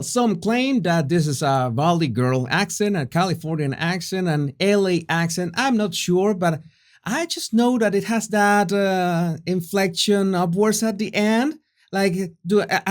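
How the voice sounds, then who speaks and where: A man hosting a commentary vlog, animated and chatty, with frequent fillers and restarts. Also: sits high, measured pace. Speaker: host.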